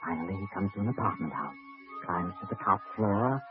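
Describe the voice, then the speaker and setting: A man's voice: deep voice, animated, a little fast, narrow, tinny audio, over music. A man playing an ominous, all-knowing narrator in 1940s radio narration on an old broadcast. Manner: sinister, knowing.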